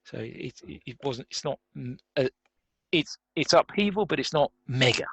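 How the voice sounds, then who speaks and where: Male guest, mid-pitched, chatty, laughs a lot, dry sound. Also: expressive, moderate pace, gravelly, fairly bright tone, husky, dry recording. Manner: laughs often while talking, reflective. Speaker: guest, career coach. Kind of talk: conversational podcast interview.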